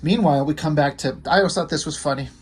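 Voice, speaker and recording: A man's voice: on the high side, fast talker, slight background noise. Man, casual video commentary, comic book reviewer, rambling, enthusiastic, offhand.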